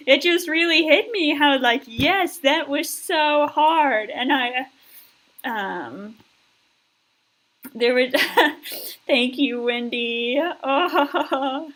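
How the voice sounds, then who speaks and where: An American woman hosts a live stream in a casual, heartfelt way. Her voice sits a little high, and she talks slowly, with plenty of fillers. She keeps reading the chat aloud and thanking viewers. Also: a bit bright, rough recording. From United States.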